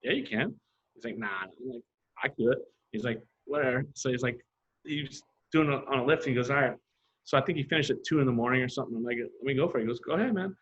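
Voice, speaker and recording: A man with a husky, slightly rough voice, recounting stories in a loose, animated way. He slips into other people's voices when he quotes them. The audio is a little dull, like a modest podcast setup. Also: medium pitch, fast. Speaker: graffiti artist guest. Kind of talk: casual storytelling.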